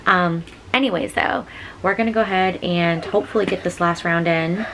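A woman's voice: fairly low pitch, fairly even intonation, normal speed, a bit bright, slight background noise. A woman in her thirties chatting casually to her phone camera at home as a mom vlogger, talking with feeling and laughing often. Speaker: vlogger, mother. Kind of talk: casual vlog chat. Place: home, indoors.

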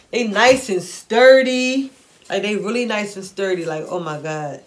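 A woman vlogger chatting excitedly through a shopping haul, gushing and repeating herself with delight. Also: lowish voice, a little slow, background noise. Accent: Philadelphia-area African American English. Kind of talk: excited haul video chat.

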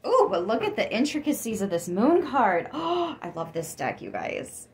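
A woman giving a casual tarot reading, chatty and excitable, with frequent gasps and laughs. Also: medium pitch, normal speed. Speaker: tarot reader.

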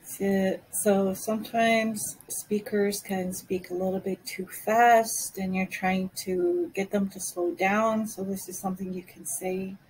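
Soft-spoken woman teaching slow phrases. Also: mid-range voice, a little hiss or hum, poor audio. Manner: soft-spoken, repeats phrases slowly for learners. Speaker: Cree language teacher. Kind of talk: language lesson, slow repeated phrases.

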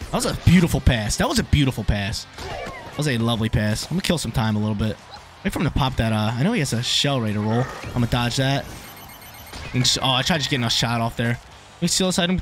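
A young man giving live commentary over his own online soccer game, excitable and swinging between hype and frustration. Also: medium pitch. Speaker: gaming YouTuber.

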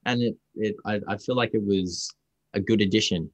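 A man's voice: lowish voice, moderate pace, dry recording. A young Australian man, an actor guest, telling stories in a casual interview with rambling restarts. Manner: rambling, restarts often, lively storytelling.

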